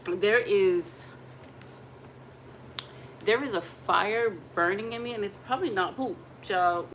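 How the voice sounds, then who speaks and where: A woman's voice: mid-range voice, takes it slowly, pauses often, a bit bright, slight background noise, low-quality recording. A young woman vlogging at home, talking casually and animatedly to her viewers and laughing now and then. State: pregnant. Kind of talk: casual chat to camera.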